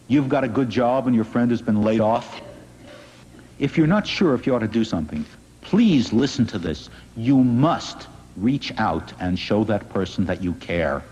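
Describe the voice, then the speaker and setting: A man, a rabbi, giving an inspirational public talk in an earnest, gently wry storytelling manner. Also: medium pitch, husky. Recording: dull lo-fi recording in a reverberant hall.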